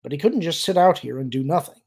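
A man narrating an audiobook in a steady storytelling manner. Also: on the high side, fast talker, creaky, slightly rough.

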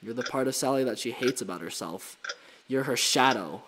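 A man's voice: medium pitch, animated, normal speed, natural voice. A man voicing a devoted, stubborn young boyfriend in a game, reading earnestly over a noisy mic.

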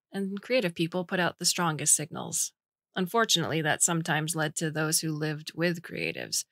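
A woman narrating a science fiction short story in an even, clear storytelling manner. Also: lowish voice, no echo, studio quality.

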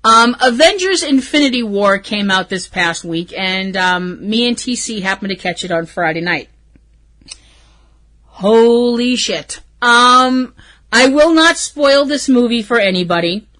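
A woman's voice: on the high side, expressive, normal speed, bright, forceful tone. A woman hosting a fan podcast, giving a casual, emotional episode recap full of gushing and swearing. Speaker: podcast host.

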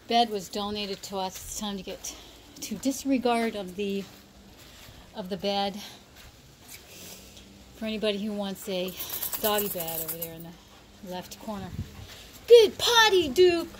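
A woman at an outdoor dog rescue talking in a low, hushed voice to the camera, and switching to high, excited praise when she speaks to the dogs. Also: measured pace, pauses often, a little hiss or hum. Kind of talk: casual vlog narration.

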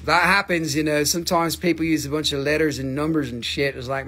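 A man's voice: on the high side, fairly even intonation, fairly quick, bright, forceful tone. Joking man selling crystals live. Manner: joking, teasing, swears freely. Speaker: livestream crystal seller. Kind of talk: casual live sales chat.

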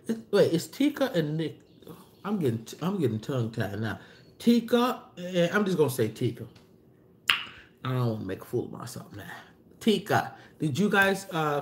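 A chatty woman hosts a livestream, reading viewer comments aloud and answering them in loose, slangy talk. She sounds animated, and her pitch rises sharply for greetings. There's a little hiss or hum in the audio.

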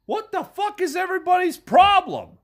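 Here the enraged sports fan vlogger rants at normal speed in a very high, sing-song voice, yelling profanities about their team while sounding stuffed up from a cold.

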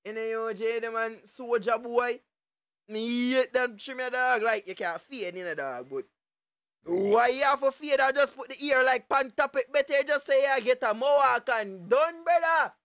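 Loud joking streamer. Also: male voice, very high-pitched, steady tone, moderate pace, no room sound. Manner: loud, joking patois banter with sudden shouts. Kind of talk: live stream reaction commentary.

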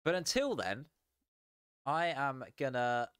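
A tired young man chatting casually as a sim racing streamer, relaxed and rambling with frequent chuckles. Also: mid-range voice, slow pace, clean tone, no room sound, studio quality. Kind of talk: casual live stream chat.

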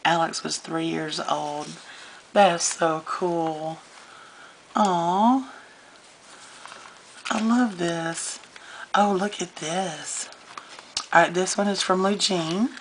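A woman, chatting warmly and gushing as she shows scrapbook pages in a casual vlog. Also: on the low side, slow pace, pauses often, a little hiss or hum, low-quality recording. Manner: gushing, chatty, easily moved. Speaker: scrapbooking vlogger. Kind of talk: casual show-and-tell vlog.

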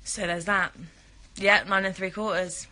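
A woman with a bright, forward voice chats casually on a phone livestream, reading out and answering fan comments. She sounds like she is indoors in a bedroom, close to the phone. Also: medium pitch, flat delivery, unhurried. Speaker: livestream host.

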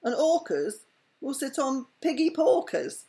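Boastful storybook frog, showy and proud, read by a woman, slow and lilting. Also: sits high, very animated, mellow, voice pushed up, full character voice. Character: boastful clever male frog poet. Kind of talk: bedtime picture-book reading.

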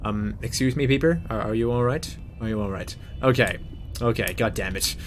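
A man's voice: fairly low pitch, normal speed, a little hiss or hum. A young man giving casual, jokey gameplay commentary, muttering to himself and yelping in panic as he plays. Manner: excitable, jokey, yelps and mutters while playing. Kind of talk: casual let's-play commentary.

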